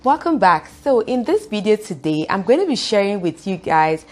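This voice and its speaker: A young Nigerian woman vlogs in a fast, expressive way, with a clear Nigerian accent. Her voice sits at a medium pitch for a woman. She often acts out the people she quotes as she talks. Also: faint music behind. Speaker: YouTuber. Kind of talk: casual vlog talk to camera.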